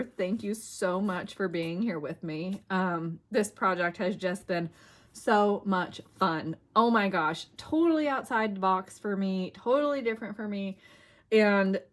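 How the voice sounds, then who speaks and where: A middle-aged woman hosting a casual crafting vlog, chatty and self-deprecating, with plenty of fillers as she walks through a finished project. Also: medium pitch. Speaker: crafting channel host.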